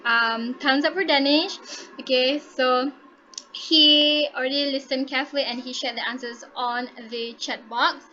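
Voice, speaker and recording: Teaching an English class online, a woman is encouraging, says "okay" constantly, and mixes in Malay words. Her high, bright voice is forceful, fairly even in intonation, and unhurried. The laptop mic on the video call cuts off the highs.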